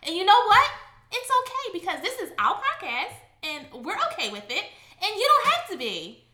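A woman's voice: very high-pitched, big pitch swings, normal speed, sharp tone, echoey room. A woman co-hosting a casual podcast, ranting bluntly with lots of profanity. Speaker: podcast co-host.

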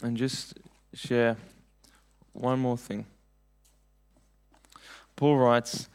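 A man's voice: medium pitch, level tone, extremely slow, long pauses, darkish tone, clean tone. A young man preaching a sermon, telling personal stories in an earnest, conversational way.

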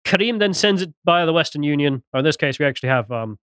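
A man's voice: a little high, animated, fast talker, fairly bright tone, clean tone, dry recording, studio quality. A British man co-hosting a podcast, reading out news stories with mocking, sarcastic commentary. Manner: mocking, sarcastic, swings into jokey mimicry.

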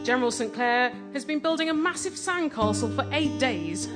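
Deadpan woman telling stories on stage. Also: sits high, normal speed. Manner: deadpan, dry comic delivery. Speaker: comedy performer. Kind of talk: live stand-up storytelling. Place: on stage at a live show. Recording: live performance with loud guitar. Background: guitar music.

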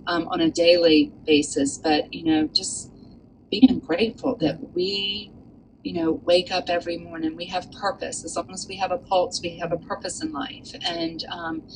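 A woman author, a guest, telling a personal story in an earnest, animated way with many fillers. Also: fairly low pitch, normal speed, a little hiss or hum, poor audio. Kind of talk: storytelling in a casual chat.

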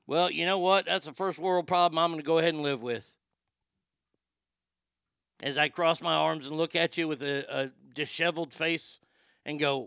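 A man's voice: a little high, steady tone, normal speed, gravelly, long pauses, a bit bright, smooth, no echo, clean studio sound. A man hosting a show with sarcastic, profane ranting commentary and frequent stammered restarts. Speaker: podcast host.

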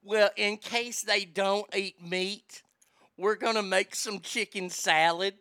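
A man putting on the voice of a loud, nosy older church lady with a Southern drawl who talks slowly and fumbles for her words. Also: high voice, steady tone, smooth, dry recording, clean studio sound, exaggerated voice. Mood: chatty. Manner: loud, slow, showy.

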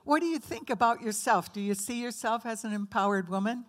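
A woman's voice: a little high, a little fast. A woman giving a conversational teaching sermon to a women's group, asking the audience questions and acting out quoted voices. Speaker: women's ministry speaker.

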